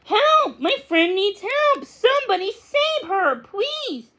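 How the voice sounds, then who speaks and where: A woman voicing a small, quick male kitten who squeaks and meows excitedly in a storybook reading. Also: full character voice. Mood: pleading.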